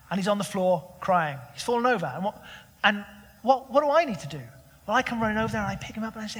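A man's voice: high voice, rapid-fire, a bit bright, long reverb tail. A young man preaching a sermon as pastor, conversational and full of rhetorical questions.

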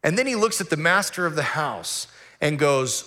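Man, pastor preaching a sermon, lively delivery with acted-out voices, slightly high pitch. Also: normal speed. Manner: animated, acts out voices of complainers.

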